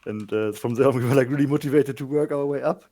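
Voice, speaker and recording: A man on a competitive team answering interview questions in a relaxed, easygoing way with light laughs. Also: mid-range voice, quick pace. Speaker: team player being interviewed. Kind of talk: casual esports interview.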